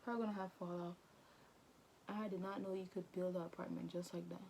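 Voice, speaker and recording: A woman's voice: lowish voice, level tone, gravelly, mellow, slight background noise. Chatty woman recapping an anime. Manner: chatty, slangy, quick asides to viewers. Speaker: anime reviewer vlogger. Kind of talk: casual movie recap commentary.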